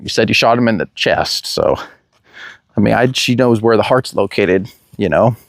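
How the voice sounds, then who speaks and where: A man casually telling the story of a hunt, animated and laughing as he acts out what was said. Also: fairly low pitch, normal speed, gravelly, no room sound, studio quality.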